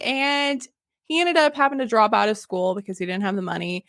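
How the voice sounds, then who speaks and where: A woman with a high voice hosts a casual history podcast. She tells the story in an animated, joking way, laughing and swearing along. The sound is dry and close. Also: fairly quick, no echo. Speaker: podcast host.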